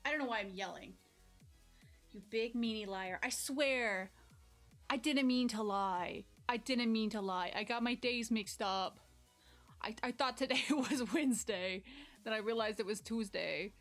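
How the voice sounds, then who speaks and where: A woman's voice: fairly high pitch, normal speed, fairly bright tone, soft background music. Chatty young woman streaming while juggling. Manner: chatty, reads chat aloud, bursts into yelps while juggling. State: warm and sweaty from juggling. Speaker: live streamer. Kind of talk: casual live-stream chat. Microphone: corded streaming mic.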